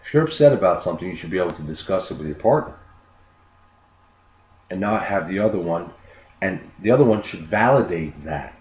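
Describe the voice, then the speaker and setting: A man's voice: deep voice, lively intonation, a little fast, pauses often, darkish tone. A man giving an unscripted self-improvement talk, earnest, often repeating words as he explains. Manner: earnest, repeats words, acts out quoted dialogue. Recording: echoey room with faint noise.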